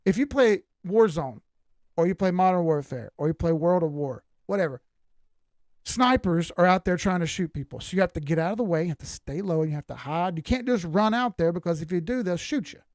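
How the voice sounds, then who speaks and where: Southern-drawling man, high-pitched and blunt. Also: lively intonation, a little fast, darkish tone, no room sound. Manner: blunt, folksy and emphatic. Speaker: crypto chart analyst. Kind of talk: live-stream chart commentary.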